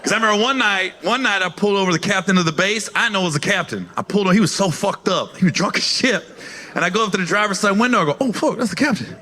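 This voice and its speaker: High, bright-voiced man doing stand-up. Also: animated, racing, slight background noise. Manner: profane, laughing between lines. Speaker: stand-up comedian. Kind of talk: stand-up storytelling.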